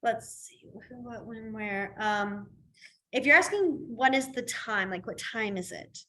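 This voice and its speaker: Young woman, class teacher; chatty, laughs easily, slightly high voice. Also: a little slow, sharp tone. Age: young adult. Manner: chatty, laughs often, many fillers. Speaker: sign language teacher.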